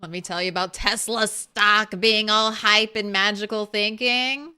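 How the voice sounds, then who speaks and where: A woman's voice: mid-range voice, fairly even intonation, unhurried, pushed and bright, smooth. A woman streaming a video game, chatting casually and playfully with her viewers and talking to her cat between jokes. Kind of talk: casual livestream chat while gaming.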